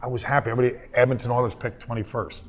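A man's voice: mid-range voice, very fast, slight background noise. Emotional man telling stories. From Canada. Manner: emotional, lively storyteller. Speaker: guest, hockey analyst. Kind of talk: storytelling interview.

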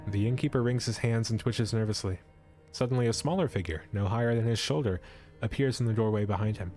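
A young esports streamer reads an adventure story aloud live, playfully stopping to joke and comment with his chat. His voice is mellow and lowish, he speaks quickly, and faint music plays behind him.

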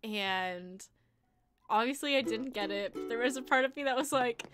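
A young woman streamer chats casually while gaming, her voice sitting a little high. She rambles and giggles often, teasing herself as she goes. Game music plays clearly behind her. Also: normal speed.

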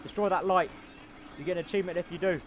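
Goofy man shouting over game gunfire. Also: high voice, fast talker. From not American. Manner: loud, goofy, shouting repeated battle cries. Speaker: gameplay commentator. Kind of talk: casual gameplay commentary. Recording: noisy with game gunfire behind. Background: game gunfire and engine noise.

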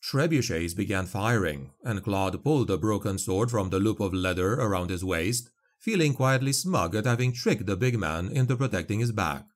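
A man narrating a dark fantasy audiobook in a measured storytelling manner. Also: on the low side, expressive.

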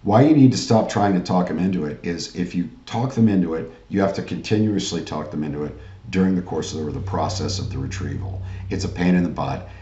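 Low dark-voiced man giving a sales training. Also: fairly quick, reverberant, highs cut off. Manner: pushy salesman pep talk, frequent "guys" and "right?". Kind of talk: online training lecture.

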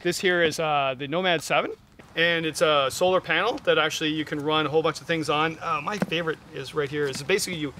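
A middle-aged Canadian man reviewing camping gear outdoors at a campsite, making jokey deadpan asides between many fillers. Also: on the high side, fast, slight background noise. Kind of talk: joking gear review vlog.

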